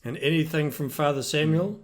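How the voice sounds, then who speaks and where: A man's voice: a little high, a little fast. A man narrating a tabletop role-playing game as game master, hesitant, with many ums and restarts.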